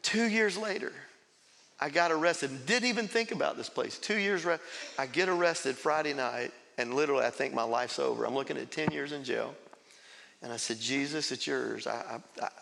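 A man's voice: mid-range voice, normal speed, vocal fry, sharp tone, big-room sound. A man, a pastor telling his testimony in a sermon, laughing as he tells the story and acting out quotes. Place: large church sanctuary.

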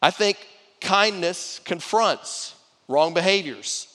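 This pastor, a middle-aged man, has a high, bright, forceful voice and lively intonation, though he takes his time. His sermon to the church is conversational, full of repeated words and restarted phrases. Long hall reverb surrounds him.

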